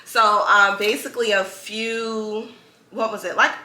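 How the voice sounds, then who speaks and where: A woman's voice: mid-range voice, steady tone, a little slow, bright, forceful tone, echoey room. A woman hosting a podcast, chatting casually and telling a story with lots of filler words. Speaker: podcast host. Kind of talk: casual chat.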